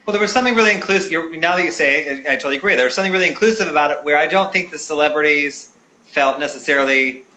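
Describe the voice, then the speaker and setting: A man's voice: a little high, pushed and bright, low-quality recording. A man hosting a casual interview, chatting and agreeing with his guest. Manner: quick, agreeable, laughs along. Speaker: interviewer and host.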